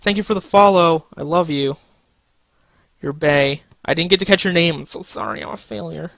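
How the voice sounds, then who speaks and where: A man's voice: on the high side, moderate pace, creaky, fairly bright tone, no echo. A young man in casual live-stream commentary, goofy and crude, talking to himself and his chat with sudden silly outbursts. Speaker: gaming streamer.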